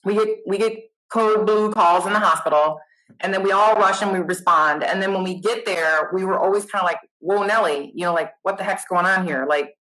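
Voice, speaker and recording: A middle-aged woman, a nurse guest, chatting casually in an interview, animated and self-deprecating. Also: mid-range voice, brisk, poor audio.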